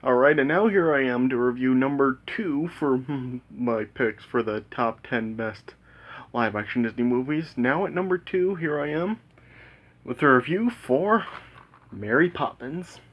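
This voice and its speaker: A man's voice: medium pitch, unhurried, muffled recording. A man casually reviewing a movie, rambling with lots of fillers and restarts, enthusiastic and laughing often.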